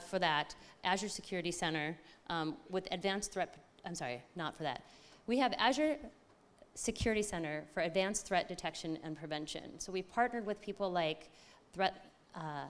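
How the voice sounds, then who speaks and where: Excited woman giving a tech talk. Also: fairly low pitch. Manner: excited, chatty, self-correcting. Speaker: conference speaker. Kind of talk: live conference talk.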